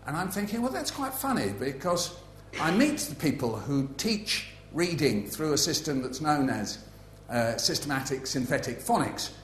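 A man's voice: mid-range voice, lively intonation, moderate pace, a bit bright, roomy sound, slight background noise. A man giving a humorous author talk to a live audience, playful and facetious, full of asides. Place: festival venue with an audience.

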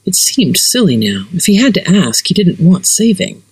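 A narrator reading a fantasy story aloud, expressive and varied. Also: medium pitch, normal speed, slightly rough, no echo, low-quality recording. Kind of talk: fiction reading.

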